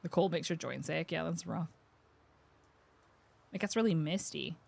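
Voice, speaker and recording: A young woman streaming a video game live, chatting and swearing with excitable, laughing reactions. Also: low-pitched, measured pace, gravelly. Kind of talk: live gameplay commentary.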